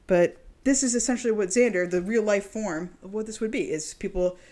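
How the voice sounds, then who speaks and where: A woman's voice: mid-range voice, a little fast, a little mellow. A woman co-hosting a casual group podcast chat, talking freely with lots of "like" and easy laughter. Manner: chatty, uses "like" a lot, laughs easily. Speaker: podcast co-host.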